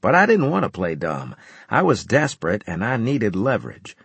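A man reading a first-person audiobook narration in a measured, wry storytelling manner. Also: on the low side, wildly swooping pitch, creaky, husky, dry recording.

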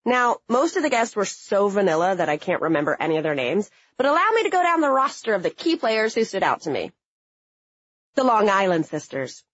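A young adult woman telling a funny personal story in a sarcastic, blunt and animated way. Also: mid-range voice, brisk, no echo, muffled recording. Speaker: narrator.

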